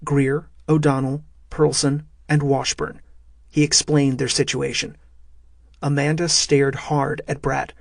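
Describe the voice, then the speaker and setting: A man narrating a thriller audiobook in a steady, measured way. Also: medium pitch, vocal fry, no echo, studio quality.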